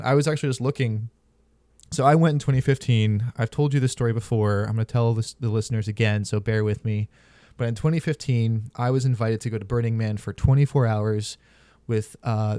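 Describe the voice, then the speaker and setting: A man's voice: mid-range voice, fairly even intonation, fairly quick, dark tone, no echo. A man hosting a podcast, telling stories in casual, candid and profane chat. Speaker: podcast host.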